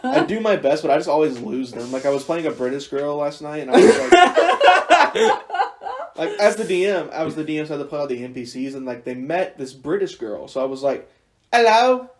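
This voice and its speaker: A teenage man hosting a podcast, chatting in a rambling, animated way and joking at his own expense. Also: a little high, quick pace, few pauses. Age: teens. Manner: rambling, animated, self-mocking. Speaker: podcast host. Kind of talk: casual chat.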